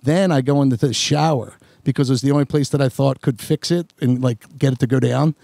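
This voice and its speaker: A man on a podcast, telling a long story in a rambling, animated way with many restarts. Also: mid-range voice, a little fast, gravelly, no room sound. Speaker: podcast host. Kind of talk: casual storytelling chat.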